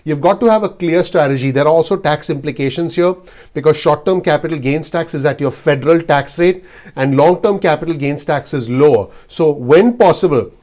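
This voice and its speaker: A man's voice: a little high, brisk, darkish tone. A man giving blunt, earnest investing advice straight to his video audience. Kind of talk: direct-to-camera advice talk.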